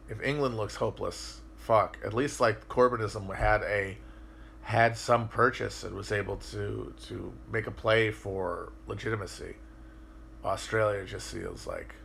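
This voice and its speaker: A man with a bright, forceful voice holds forth on a casual livestream as he answers viewer comments. He rambles and swears freely, restarting sentences and thinking aloud as he goes. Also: on the low side, vocal fry, slight background noise. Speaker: podcast host.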